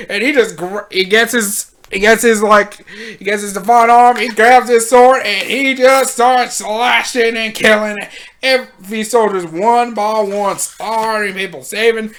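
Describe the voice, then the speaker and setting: A woman recapping anime episodes in casual commentary, with slangy and animated storytelling. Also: a little high, unhurried. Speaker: anime reviewer.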